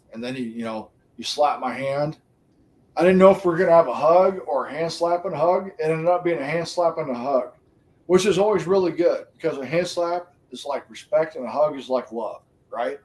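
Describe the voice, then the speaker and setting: A middle-aged, retired man chatting on a livestream, animated, profane and laughing often. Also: on the high side. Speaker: livestream co-host. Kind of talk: casual stream chat.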